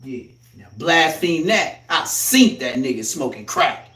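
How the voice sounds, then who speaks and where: A man doing a loud, profane, heated comic rant as a live streamer, recorded in an echoey room. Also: fairly high pitch, sing-song, a little slow, distant mic.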